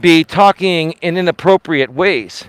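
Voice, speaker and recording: Male live-stream host, emphatic and defensive, speaks straight to chat; a fairly high voice, recorded dry and close. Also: measured pace, smooth, no echo. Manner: emphatic and defensive, repeats himself; talks straight to chat, asks pointed questions. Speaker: livestream host. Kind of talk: casual live-stream commentary.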